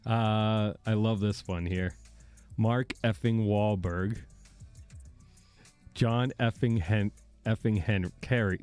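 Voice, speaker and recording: A man's voice: lowish voice, darkish tone. A man from the area, hosting a casual podcast chat, profane and mocking, laughing often. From Boston area. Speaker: podcast host.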